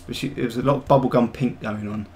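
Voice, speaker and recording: Middle-aged guy streaming while he sculpts, relaxed chatty thinking out loud, bit of faint room hum. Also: medium pitch, fast talker. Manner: easygoing, thinking aloud while working. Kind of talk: casual live-stream chat while sculpting.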